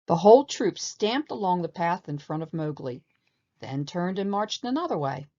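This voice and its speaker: A woman narrating a storybook aloud in an expressive, animated way, on a slightly muffled recording. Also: lowish voice, normal speed.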